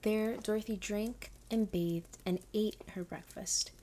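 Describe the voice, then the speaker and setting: A woman reading a storybook aloud in a soft, unhurried whisper as whispered role-play ASMR. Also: medium pitch, fairly even intonation.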